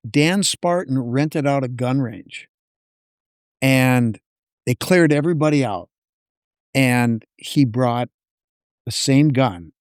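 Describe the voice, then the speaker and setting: A man's voice: mid-range voice, dry recording, clean studio sound. A man, a podcast guest, telling a long story in casual chat and acting out the dialogue as he goes. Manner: animated storyteller, acts out dialogue.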